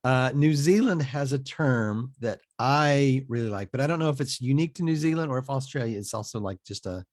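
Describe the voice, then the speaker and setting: Male host on a video call, dry close sound, joking and chatty, fills pauses with "uh". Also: medium pitch, a little mellow, dry recording. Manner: joking, chatty, with frequent fillers. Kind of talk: casual online show interview. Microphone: video call mic.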